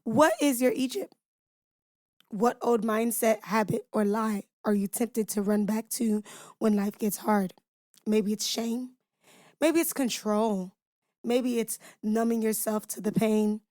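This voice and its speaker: A woman's voice: on the high side, fairly even intonation, slow pace, a little mellow, dry recording, clean studio sound. A woman hosting a devotional podcast, teaching scripture in an emphatic preaching cadence, asking her listeners rhetorical questions and speaking to them directly and informally.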